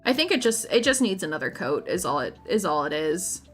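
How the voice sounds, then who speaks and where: A woman's voice: on the low side, very animated, fairly quick, faint music behind. A woman streamer chatting casually to her viewers while painting miniatures, rambling, giggling and often restarting her sentences.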